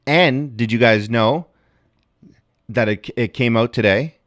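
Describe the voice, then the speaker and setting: A man hosting a casual livestream, rambling and excitable, swearing often and breaking into animated outbursts. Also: mid-range voice, slow, no echo, clean studio sound. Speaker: livestream host.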